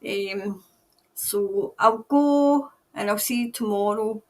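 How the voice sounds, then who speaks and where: A woman's voice: mid-range voice, slow. A Scottish woman hosting a tarot livestream, chatting casually and ramblingly with viewers while tired.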